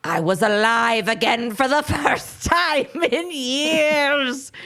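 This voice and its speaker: A woman voicing a withered, very old man who is creepy and dramatic, speaking slowly in a drawn-out, breathy way. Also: extremely high pitch, pushed and bright, voice pushed up, exaggerated voice. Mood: wistful.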